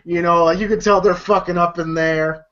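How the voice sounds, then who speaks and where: A man's voice: high voice, fairly even intonation, moderate pace, fairly bright tone. Male podcast host, talkative recap style, dull lo-fi recording. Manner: rambling retelling full of fillers and laughs. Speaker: movie review host. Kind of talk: casual chat recapping a film.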